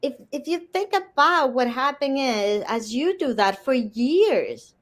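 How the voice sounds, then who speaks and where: A woman's voice: high voice, big pitch swings, measured pace. A woman with a Dominican Spanish accent, a guest author telling her story with passion. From Dominican Republic. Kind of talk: casual interview.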